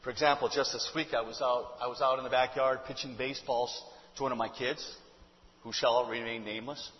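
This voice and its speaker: A man's voice: mid-range voice, steady tone, fairly quick. A man, a pastor, preaching a sermon in a conversational way, full of rhetorical questions to the congregation. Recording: dull audio with long hall reverb.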